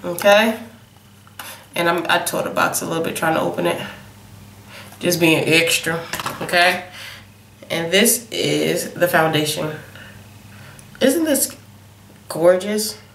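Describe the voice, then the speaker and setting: A woman's voice: lowish voice, slow, gravelly, long pauses, fairly bright tone, reverberant, a little hiss or hum. A young woman in a casual, sassy makeup review, sniffly from a cold and calling her viewers honey and y'all. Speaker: beauty vlogger.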